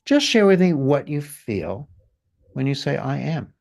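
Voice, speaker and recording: A man guiding someone through a feeling exercise in a calm, gently directive coaching way. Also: mid-range voice, measured pace, vocal fry. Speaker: guest healer leading an exercise. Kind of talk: guided exercise in conversation.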